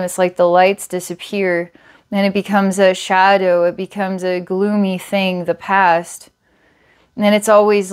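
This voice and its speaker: A woman's voice: medium pitch, clean tone. Hesitant woman giving a psychic reading. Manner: halting, searching, many fillers and repeats. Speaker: psychic reader.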